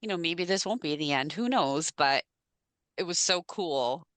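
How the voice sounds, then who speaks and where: Woman, low voice, dry close sound, casual podcast chat, animated storyteller. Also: moderate pace, dry recording. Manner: animated storyteller, swears freely. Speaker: podcast co-host.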